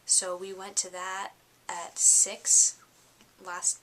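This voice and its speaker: A tired young woman recapping her week in a chatty, excitable vlog, full of fillers. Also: on the low side, very slow, a little hiss or hum. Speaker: fashion vlogger.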